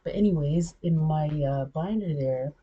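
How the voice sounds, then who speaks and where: A woman's voice: deep voice, measured pace, breathy edge. A woman talking casually in a vlog, rambling and often breaking off to restart her thoughts. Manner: rambling, self-interrupting, many fillers. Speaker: vlogger. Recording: dull lo-fi recording.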